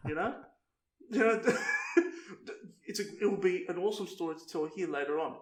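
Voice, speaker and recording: Brief: male podcast co-host, high voice, giggly and crude, echoey room. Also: normal speed, a bit bright. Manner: laughs often, swears, calls people bro. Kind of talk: casual podcast chat.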